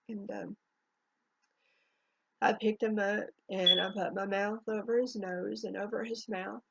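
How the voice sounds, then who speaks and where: Woman, breathy and a little high, halting personal testimony, voice near tears, dry muffled home recording. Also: a little mellow, no room sound. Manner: halting, emotional, with restarts and long pauses. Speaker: grieving mother telling her story.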